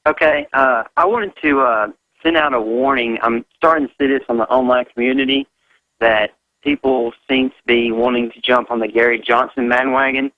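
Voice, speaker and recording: A man's voice: mid-range voice, normal speed, dry recording. A man calling in to a radio show, talking hesitantly with many fillers. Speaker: caller. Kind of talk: phone-in call. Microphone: telephone. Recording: dry, tinny phone line.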